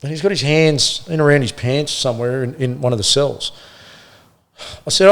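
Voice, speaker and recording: A middle-aged Australian man, a former police officer, telling animated stories in casual conversation and acting out the people he quotes. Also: mid-range voice, moderate pace. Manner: animated anecdotes, acts out quoted voices, laughs often. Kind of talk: casual storytelling.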